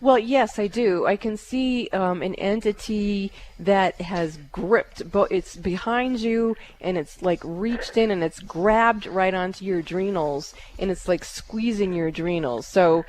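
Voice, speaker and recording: A woman hosting a call-in psychic radio show, giving calm, halting readings with many fillers. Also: mid-range voice, slight background noise.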